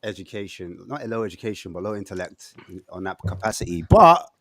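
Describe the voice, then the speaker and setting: Host keeping the chat moving, lively pitch, dry close mic. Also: male voice, a little fast, dry recording. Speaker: podcast host. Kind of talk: casual football chat.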